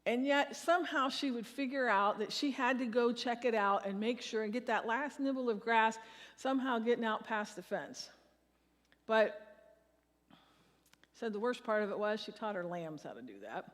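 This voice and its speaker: A woman's voice: fairly high pitch, moderate pace. A woman pastor preaching a sermon to her congregation and leading them in a shared recitation. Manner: leads congregation in reciting a psalm. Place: large church sanctuary. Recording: long hall reverb.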